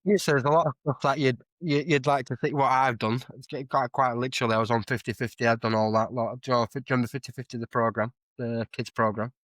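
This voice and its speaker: A man's voice: mid-range voice, steady tone, fast talker, hardly any pauses, fairly bright tone, dry recording. A young man, chatting casually as a podcast guest and telling rambling, self-correcting stories. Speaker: guest streamer and musician.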